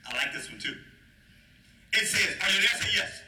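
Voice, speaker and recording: Man preaching, lively swooping pitch, playful call-and-response, faint noise, church echo. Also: moderate pace. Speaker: pastor. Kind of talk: sermon. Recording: echoey room, faint noise.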